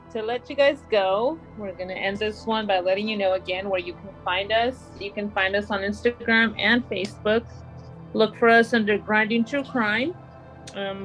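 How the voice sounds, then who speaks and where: A woman's voice: medium pitch, a bit bright, rough recording. A woman co-hosting a true-crime podcast who wraps up the show in a friendly, casual way. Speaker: podcast co-host. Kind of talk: casual chat, reading the show's sign-off.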